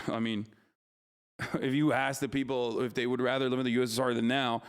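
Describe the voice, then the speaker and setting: A man's voice: medium pitch, level tone, normal speed, slight background noise. A man streaming live, ranting heatedly about politics, cursing freely and answering his chat. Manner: heated, profane, argumentative. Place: streaming studio.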